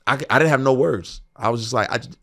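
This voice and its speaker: A man in his forties hosting a podcast, telling stories in an excited, expressive way in casual conversation. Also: medium pitch, fast. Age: 40s. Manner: excited, expressive retelling with bursts of laughter. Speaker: podcast host. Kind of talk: casual conversation, animated storytelling.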